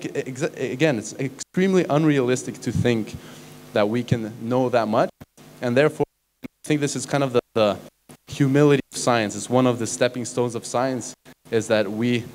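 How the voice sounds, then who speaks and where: A man in the middle range of pitch gives a chatty conference lecture as a doctor. He keeps turning to the audience with questions and quick asides, and restarts his sentences as he thinks. A faint hum sits under the recording. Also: a little mellow. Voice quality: conversational, asks the audience questions, frequent "right?" and restarts. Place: conference hall stage.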